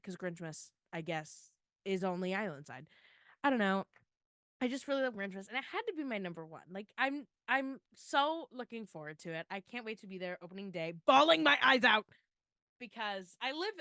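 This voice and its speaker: A woman's voice: fairly high pitch, brisk, dry recording, studio quality. A young woman co-hosting a podcast, chatting casually and gushing with emotion, full of "like" fillers. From Florida. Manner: gushing, tearful excitement, lots of "like". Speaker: podcast co-host.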